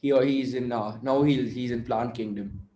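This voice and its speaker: A man's voice: mid-range voice, fairly even intonation, normal speed, crowd noise. A teenage boy, a student on a video call, talking in a joking, rambling way with fillers. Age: teens. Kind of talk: online lesson. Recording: echoey room, faint noise.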